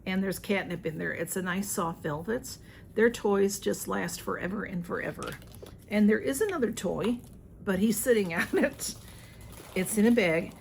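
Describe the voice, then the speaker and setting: A woman's voice: mid-range voice, moderate pace, vocal fry, slight background noise. A woman chatting through a home unboxing video. She gushes over each item and keeps talking to her cats. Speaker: unboxing vlogger. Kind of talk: casual unboxing chat.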